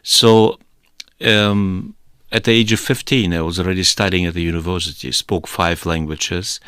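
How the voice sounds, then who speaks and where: A man from the Soviet Union telling his personal testimony, hesitant with many fillers but animated. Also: sits low, moderate pace, clean tone, no echo, clean studio sound. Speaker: speaker giving testimony.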